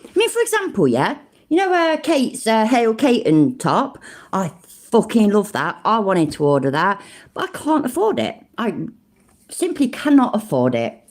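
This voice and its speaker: A woman's voice: on the high side, wildly swooping pitch, normal speed, darkish tone. A woman with a British accent giving live reaction commentary, blunt, sweary and full of slang. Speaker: livestream commentator.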